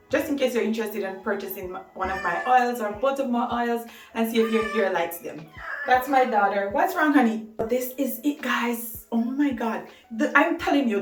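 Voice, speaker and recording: Chatty woman vlogging in an echoey room. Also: on the high side. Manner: chatty and enthusiastic, laughs often. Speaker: hair care vlogger. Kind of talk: casual talk to camera. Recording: roomy echo, mic at a distance, faint music.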